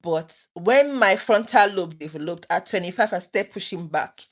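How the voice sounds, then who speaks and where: A woman's voice: medium pitch, lively intonation, normal speed. A woman in her thirties, talking earnestly and emotionally to her viewers late at night, often restarting her sentences. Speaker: vlogger.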